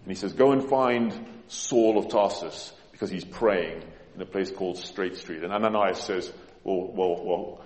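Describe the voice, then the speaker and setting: A low-voiced man delivers a sermon in a large, echoing church hall. He dramatizes his quotes with sudden emphatic surges, and the long reverb trails every phrase. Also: moderate pace, few pauses, a little mellow. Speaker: preacher.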